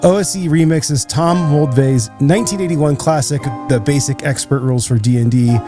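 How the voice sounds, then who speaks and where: American podcast host guy, talky and loose, slightly high voice, faint music under it. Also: normal speed. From United States. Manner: chatty, lots of "like" and "you know". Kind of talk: casual interview chat.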